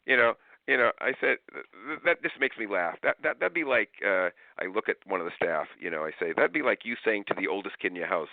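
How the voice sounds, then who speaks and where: A man talking as an interview guest about parenting, telling stories in an animated way and acting out parents and kids in raised voices. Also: lowish voice, fast talker, creaky, no echo. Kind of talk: lively interview storytelling. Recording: tinny phone-like line.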